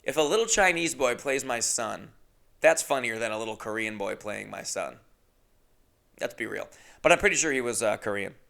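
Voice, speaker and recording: A man's voice: mid-range voice, expressive, moderate pace, creaky, bright, forceful tone. A young man, a comedian and podcast host, telling a crude, brash, profane anecdote. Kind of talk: comedic storytelling.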